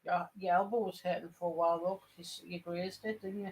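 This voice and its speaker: A woman at a medium pitch, chatting on a casual home vlog. She rambles through her stories, stopping and restarting her sentences and circling back to repeat herself. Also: little pitch movement, fast, darkish tone, poor audio. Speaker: vlogger. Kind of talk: casual chat.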